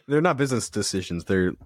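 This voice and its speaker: A man's voice: medium pitch, very animated, normal speed, no echo, studio quality. A young man in his twenties co-hosting a podcast in casual chat. He rambles, laughs often and swears freely. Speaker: podcast co-host.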